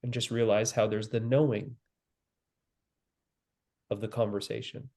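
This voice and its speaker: A man giving a spiritual teaching, speaking calmly and slowly with long pauses and repeated phrases. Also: on the low side. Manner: calm, slow and repetitive, with long pauses. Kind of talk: slow guided spiritual teaching.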